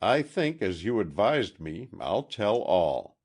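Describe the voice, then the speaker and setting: A man's voice: on the low side, big pitch swings, slow, darkish tone, voice pushed up, heavily acted. A man voicing a sad, determined young woman. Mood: resolute.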